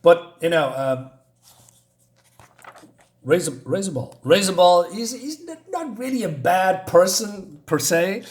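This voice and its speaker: A man's voice: sits high, expressive, slow pace, long pauses. A man casually reviewing a comic book on his channel, talking in a loose, hesitant, rambling way as he recaps the story.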